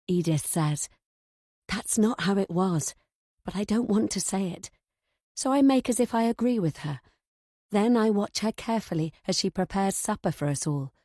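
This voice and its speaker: A woman's voice: medium pitch, lively intonation, normal speed, dark tone, dry recording, clean studio sound. A woman narrating a first-person thriller audiobook in a tense, anxious way.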